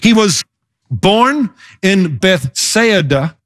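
A man preaching a sermon as pastor, emphatic, slowing down and speeding up to stress his points. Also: high voice, lively intonation, a bit bright. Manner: emphatic preaching with varied pace.

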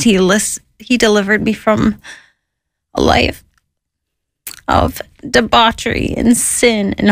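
A woman's voice: medium pitch, no room sound, clean studio sound. A woman guest telling her personal testimony casually, acting out dialogue with quoted voices and using lots of "I was like" and "you know.".

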